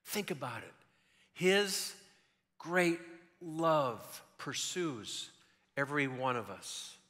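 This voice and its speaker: A man in his sixties preaching a sermon, telling stories in an animated way that swings from loud to hushed. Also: fairly high pitch, takes it slowly, in a large hall. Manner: animated storytelling, shifting between loud and hushed.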